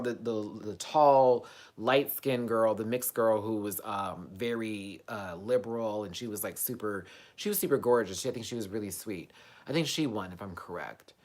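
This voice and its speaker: Woman, very low voice, livestream host, casual chat with viewers, excitable. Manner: chatty and excitable, jumps between loud outbursts and mumbles.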